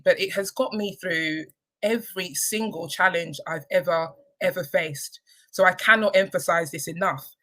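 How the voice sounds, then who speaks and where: A woman speaks candidly and reflectively about her work, her speech sprinkled with pauses and ums. Her voice sits a little low yet sounds bright and clear. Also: rough recording. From United Kingdom. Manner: candid and reflective, many ums, emotional at times. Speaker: charity chief executive. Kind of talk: personal reflective talk.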